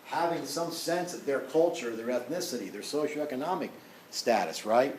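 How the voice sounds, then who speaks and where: A man's voice: medium pitch, expressive, moderate pace, darkish tone. A man teaching an ethics class, talking casually with personal stories and lots of "you know" and "right?". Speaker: ethics instructor. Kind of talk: classroom lecture with personal anecdotes. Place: lecture room. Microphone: distant room mic. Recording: very echoey room, voice far from mic, faint hiss.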